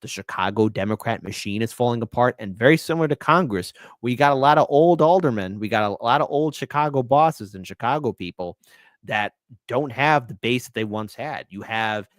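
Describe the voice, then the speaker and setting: A man's voice: mid-range voice, animated, a little fast, no room sound, studio quality. A man co-hosting a casual podcast, talking animatedly and slipping into mocking voices as he riffs. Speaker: guest co-host.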